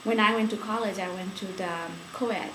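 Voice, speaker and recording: A woman's voice: medium pitch, fairly even intonation, brisk, echoey room, background noise. A woman from India, recalling her school days in an oral history interview, chatty and laughing often. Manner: chatty, laughing storyteller with many fillers.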